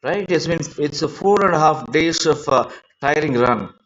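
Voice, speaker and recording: A man on a rambling live stream, distressed and close to tears, talking in halting bursts that repeat words as he pleads about his grievances. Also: on the high side, animated, fairly bright tone. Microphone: phone mic. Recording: lo-fi phone screen recording.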